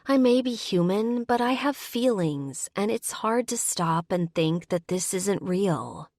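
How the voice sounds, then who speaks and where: A woman's voice: medium pitch, animated, slow, a little mellow, dry recording, clean studio sound. A woman voicing a hurt but hopeful young human heroine, talking in pleading, emotional lines.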